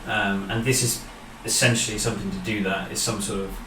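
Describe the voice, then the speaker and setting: A man narrating a tabletop game as game master, relaxed and halting, with many fillers. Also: on the low side. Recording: echoey room, distant mic, background noise.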